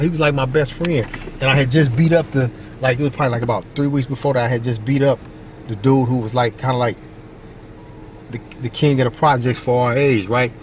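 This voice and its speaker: Out by a basketball court and moving in traffic, a middle-aged Long Beach, California man vlogs about his younger days in a casual storytelling way. He's lively, imitates quoted people in a high voice, and often tosses in "you know what I mean." Faint street and traffic sounds can be heard.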